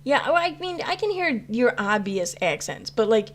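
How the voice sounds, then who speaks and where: A woman's voice: fairly high pitch, sing-song, normal speed. A woman chatting casually on a live stream, answering chat with rambling talk full of fillers and restarts. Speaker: YouTube commentary host answering live chat.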